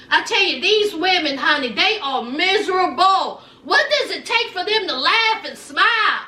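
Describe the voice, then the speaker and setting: A woman's voice: very high voice, animated, moderate pace, few pauses, pushed and bright, far from the mic, slight background noise. A woman hosting a casual, sassy reality TV recap, acting out quotes and calling listeners honey and child. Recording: echoey room, off mic.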